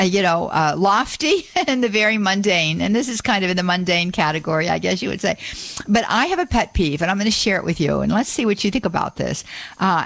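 A woman's voice: medium pitch, dry recording. Upbeat female call-in radio host, chatty with frequent laughs, dry studio mic. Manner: chatty and upbeat, laughs often, repeats phone numbers slowly. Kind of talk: live call-in radio talk. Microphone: studio microphone.

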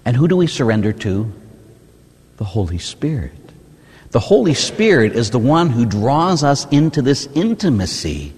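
Lively priest preaching in a hall. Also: male voice, mid-range voice, moderate pace, breathy edge. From United States. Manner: animated, rhetorical, tags with "huh?". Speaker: Catholic priest. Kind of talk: sermon. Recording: reverberant hall.

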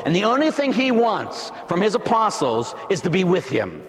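Dramatic, lively preaching man. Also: sits high, normal speed, hardly any pauses, in a large hall. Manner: dramatic, emphatic, building to shouts. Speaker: priest. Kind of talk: sermon.

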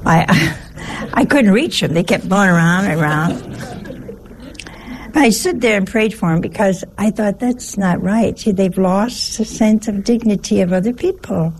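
A woman's voice: medium pitch, unhurried, darkish tone. A woman giving a conversational sermon in a folksy, humorous way, full of rhetorical questions. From Italian family. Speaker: religious teacher.

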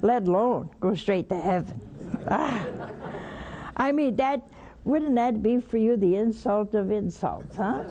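A woman's voice: mid-range voice, a little slow, mellow, dull audio. A woman giving a spoken sermon, blunt and teasing, with pointed asides to her listeners. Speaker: religious broadcaster teaching scripture.

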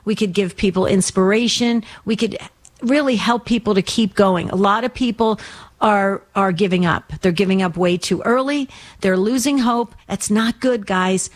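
Earnest female radio host. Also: mid-range voice. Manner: encouraging, warm, slow and earnest. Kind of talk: call-in radio show hosting.

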